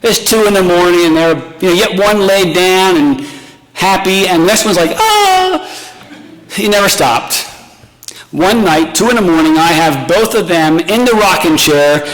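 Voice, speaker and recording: A man's voice: sits high, moderate pace, fairly bright tone. A middle-aged man, a pastor, giving a retirement party speech with self-mocking stories and tender thanks. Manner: storytelling, self-mocking humor turning tender. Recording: reverberant hall.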